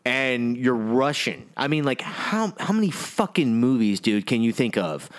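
A man's voice: medium pitch, a little slow. A man co-hosting a casual film podcast, often restarting his sentences and swearing casually. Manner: stammering restarts, relaxed and swearing. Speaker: podcast co-host.

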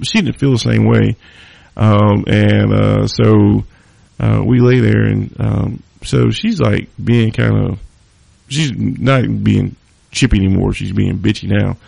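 A man with a low, heavily gravelly voice tells a long personal story on his podcast. He rambles casually, swears freely and leans on fillers. The sound is dry and close, with no room around it. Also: a little mellow, dry recording. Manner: loose and profane, heavy on fillers. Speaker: podcast host.

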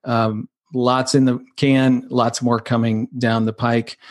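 A man talks through stepfamily struggles on a podcast, earnest and conversational. His voice sits at an ordinary middle pitch. He builds his points with plain, vivid pictures. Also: little pitch movement, slow. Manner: earnest, explains with vivid doorstep images. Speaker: podcast guest, blended family counselor.

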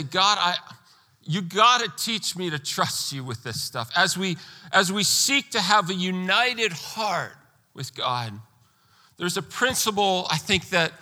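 A man preaching a sermon as pastor, emphatic, pressing hard on key words and rising to near-shouts. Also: high-pitched, big-room sound.

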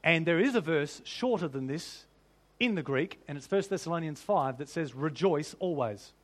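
A man preaching a sermon, animated and humorous, often laughing and piling up rhetorical questions. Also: fairly high pitch, normal speed.

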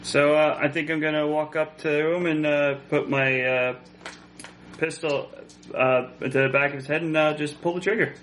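A man playing a tabletop game, talking casually and haltingly. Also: on the high side, fairly even intonation, a bit bright, a little hiss or hum. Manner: casual, halting, laughs often. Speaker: player.

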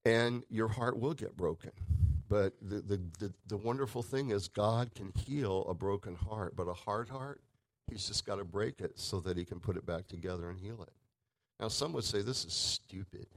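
A man preaching a sermon in a conversational way, with emphatic swings between loud and soft. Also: lowish voice, normal speed, no echo, rough recording.

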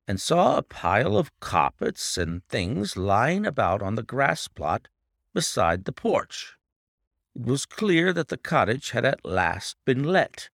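A man reading a classic story aloud in the first person, with expressive, dramatic narration. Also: medium pitch, vocal fry, no room sound, studio quality.

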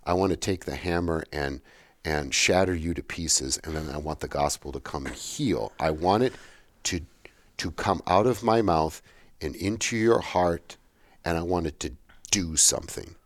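A man with an extremely deep, low voice talks about preaching in a relaxed discussion. He is emphatic and halting, often restarting his sentences. The sound is dry and close. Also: no echo. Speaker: pastor and teacher of worship classes. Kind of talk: casual theological discussion.

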